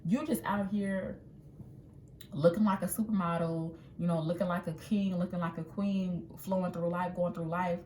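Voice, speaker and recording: A woman giving a casual tarot reading in a chatty, animated way, acting out what people might say. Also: mid-range voice, moderate pace. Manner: chatty, animated, acts out quotes. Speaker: tarot reader. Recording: echoey room with faint ambient noise.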